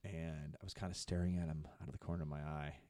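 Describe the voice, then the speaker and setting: A middle-aged man and podcast producer in casual chat, telling stories with bursts of excitement that jump high in pitch. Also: fast talker, no room sound, studio quality. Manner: excitable storyteller, swings to high animated peaks.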